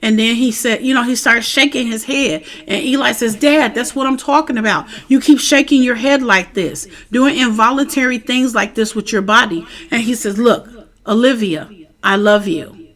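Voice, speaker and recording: Woman, fairly high voice, casual chatty recap, lively rhetorical asides. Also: moderate pace. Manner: chatty, animated, keeps asking "you know what I'm saying?". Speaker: TV show reviewer.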